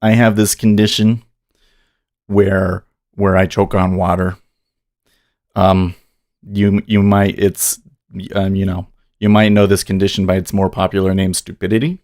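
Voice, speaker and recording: A man's voice: deep voice, level tone, unhurried, long pauses, darkish tone, no room sound, clean studio sound. A man hosting a live day-trading stream, chatting casually and rambling as he reads viewer comments aloud. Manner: rambling, self-deprecating, reads chat aloud. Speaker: day trading livestream host.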